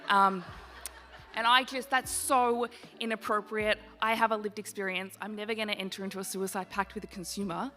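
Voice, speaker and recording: A woman's voice: medium pitch, steady tone, fairly quick, pushed and bright. A woman who works in peer support, speaking candidly and wryly to an audience. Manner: candid, wry.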